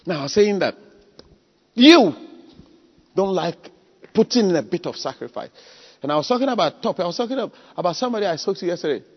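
A man preaching a sermon, telling stories with sudden loud exclamations. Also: high-pitched, big pitch swings, a little fast, pauses often, breathy edge. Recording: echoey hall, dull lo-fi sound.

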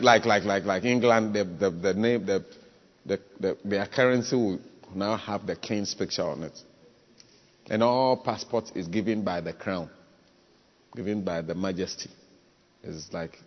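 A man preaching a sermon as a pastor, repeating himself and often asking listeners whether they understand. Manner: mimics high voices for humor. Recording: dull, reverberant hall.

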